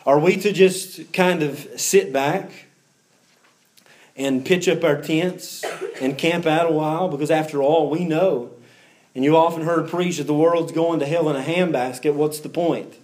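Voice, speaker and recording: Earnest preacher, slightly high voice. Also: male voice, steady tone, a little slow, darkish tone. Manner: earnest, repeats words while searching, emphatic on key phrases. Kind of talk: expository sermon.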